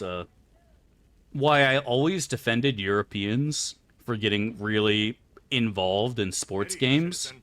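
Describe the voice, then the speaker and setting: A man's voice: mid-range voice, fairly bright tone, no room sound. A man streaming a game, chatting loosely with his viewers and swearing freely. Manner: loose and rambling, swears freely, answers chat aloud. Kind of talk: casual live-stream chat.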